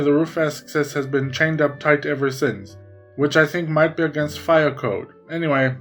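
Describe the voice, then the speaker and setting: Dude putting on a chatty neighbor lady w a made-up accent, kinda high. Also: close to an everyday voice. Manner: put-on foreign accent, chatty. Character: grateful quirky woman neighbor with a put-on accent.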